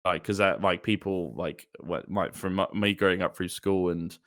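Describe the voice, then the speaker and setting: A young man chatting as a podcast guest, animated and casual, and swearing freely. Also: low voice, moderate pace. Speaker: guest, D&D player.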